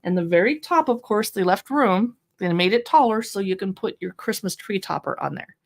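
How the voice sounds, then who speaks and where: Woman, home livestream shopping host, upbeat and chatty, very animated pitch, close mic. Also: normal speed, creaky. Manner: chatty, upbeat, reads short passages aloud with playful voices. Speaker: live shopping stream host. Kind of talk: casual product showcase livestream. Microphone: own microphone close by.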